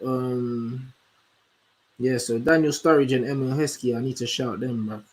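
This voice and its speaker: A young man, hosting a casual livestream and chatting in an animated, slangy way as he answers comments. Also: medium pitch. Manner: slangy, animated, answers chat with quick asides. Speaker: host.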